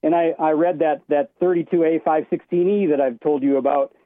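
A man's voice: fairly high pitch, steady tone, a little fast, no room sound. A man calling in to a talk show, telling a long story in a rambling way with many restarts. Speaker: caller. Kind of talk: casual phone-in storytelling. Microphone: phone. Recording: tinny phone line.

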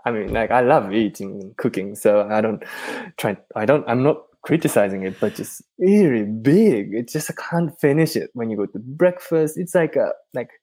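Man, mid-range voice, halting and full of ums, dry close recording; casual podcast guest. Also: mid-range voice, animated, warm tone, no room sound. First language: Japanese. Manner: hesitant, many ums and restarts. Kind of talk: casual interview chat.

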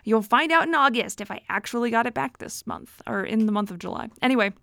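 A woman's voice: a little high, animated, fast talker, vocal fry, fairly bright tone, no room sound, studio quality. A woman hosting a casual solo podcast, chatty and reflective, laughing often and talking with lots of fillers. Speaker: podcast host.

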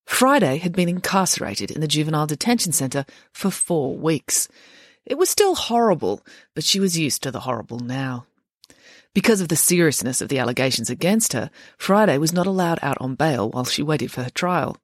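An audiobook narrator, reading a story in an expressive, wry way. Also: mid-range voice, normal speed, dry recording, studio quality.

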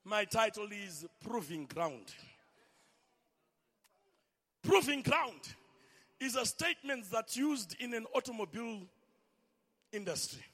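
Man, very high voice, unhurried fervent preacher, sing-song shouts, long hall echo. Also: lively intonation, breathy edge. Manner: sing-song, swelling to shouts, calls for amens. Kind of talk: impassioned sermon.

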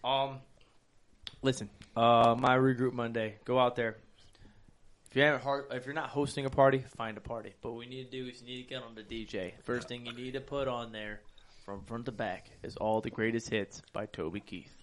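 A man hosting a podcast, loud and laughing, swearing through casual banter. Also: medium pitch, steady tone, fairly quick. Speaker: podcast host.

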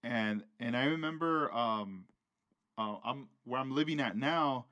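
A laid-back man hosts a casual chat in an easy, slangy way, with his voice at a middle pitch. The sound is dry and close, with no room around it. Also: a little slow, pushed and bright, dry recording, dull audio.

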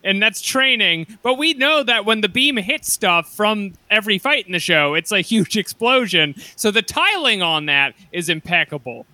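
A man co-hosting a comedy podcast, making deadpan jokey asides. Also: sits high, normal speed, few pauses, no echo. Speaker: podcast co-host. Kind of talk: casual comedy podcast chat.

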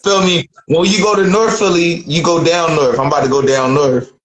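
A man's voice: on the high side, fairly even intonation, fairly quick, fairly bright tone, reverberant, poor audio. A man with a Philadelphia accent, chatting casually in laid-back slang and laughing often. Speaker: show regular. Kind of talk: casual chat.

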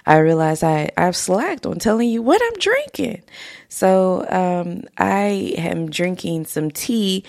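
Using a podcast microphone in her home studio, a woman records studio-quality audio with no room sound. Her fairly low voice carries vocal fry as she offers casual motivational talk that's heartfelt, slightly emotional, and punctuated by frequent laughter.

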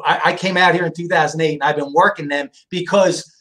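A middle-aged man from the Philadelphia area, a guest in an interview, telling family stories in a lively, casual way and often checking in with "right?". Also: a little high, a little fast. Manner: animated storyteller, asks "right?" often. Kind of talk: casual storytelling.

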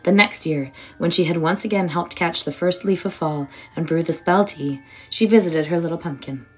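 A woman reading a children's storybook aloud in an expressive, warm way. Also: fairly low pitch, moderate pace, rough recording. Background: soft music.

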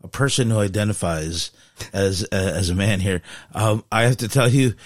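A man co-hosting a podcast in casual chat, halting and full of fillers, laughing often. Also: fairly low pitch, no room sound, clean studio sound. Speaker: podcast co-host.

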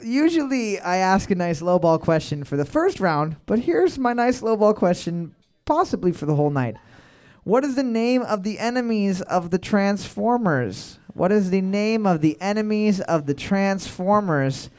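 Joking trivia host, higher voice. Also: male voice, lively intonation, normal speed, darkish tone. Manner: joking, reads questions twice. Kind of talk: live trivia night hosting with banter.

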